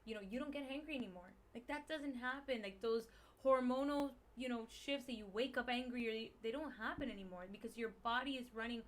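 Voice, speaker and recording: A woman with a Miami Spanish-English accent, a guest explaining diet in a casual podcast chat, animated and emphatic with slang. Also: fairly high pitch, fairly quick. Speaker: guest, keto meal business owner.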